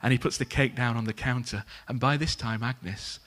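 A man preaching a sermon, telling a story in a lively way and acting out the characters' lines. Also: mid-range voice, moderate pace.

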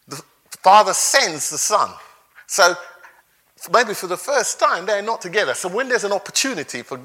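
A man preaching a sermon in an animated way, laughing between points and acting out the quotes he reads. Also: on the high side.

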